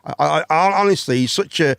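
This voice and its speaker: A man's voice: a little high, brisk, gravelly, a bit bright, dry recording, clean studio sound. A man, hosting a casual chat and telling a long story, rambling, swearing and repeating words. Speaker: host.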